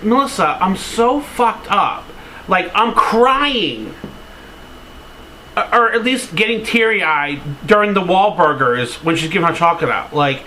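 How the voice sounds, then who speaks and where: Male vlogger, high bright voice, rambling and filler-heavy, openly sentimental, casual cursing. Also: a little hiss or hum, rough recording. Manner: open, sentimental storytelling. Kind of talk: casual to-camera vlog.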